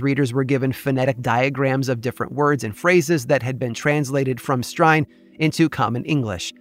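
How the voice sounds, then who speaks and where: A man, the host of a podcast, telling a true story in scripted narration with a measured, wry delivery. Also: on the high side. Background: soft background music.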